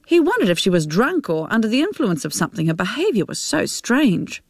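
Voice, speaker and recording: A woman's voice: mid-range voice, very animated, brisk, hardly any pauses, no echo, clean studio sound. A woman reading a novel aloud, narrating steadily. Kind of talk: audiobook narration.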